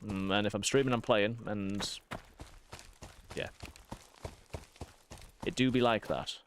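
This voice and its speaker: Man, 30s, northeast English accent, low voice, casual streamer chat, rambling asides, faint hiss. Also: steady tone. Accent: northeast English, softened. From northeast England. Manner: rambling, self-interrupting, quick asides. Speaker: streamer and vicar.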